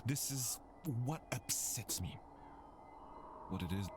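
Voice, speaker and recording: An actor playing a grave, solemn man troubled by human cruelty, speaking in a measured way. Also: medium pitch, animated, background noise. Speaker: game character.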